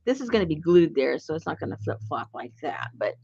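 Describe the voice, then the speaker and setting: A woman chatting playfully as she shows off her craft work. Her voice sits low and husky, yet it leaps around with lively expression. The recording is dry and a little dull. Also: a little fast, no echo. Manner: playful and chatty, laughs often. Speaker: craft channel host. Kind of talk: casual chat showing a handmade journal.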